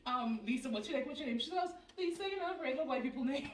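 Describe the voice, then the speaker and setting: Animated Trinidadian woman telling stories. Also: high-pitched, rapid-fire, a crowd in the background. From Trinidad and Tobago. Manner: animated storyteller who acts out the people she quotes. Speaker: host. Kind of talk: casual chat. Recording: roomy sound from a distant mic.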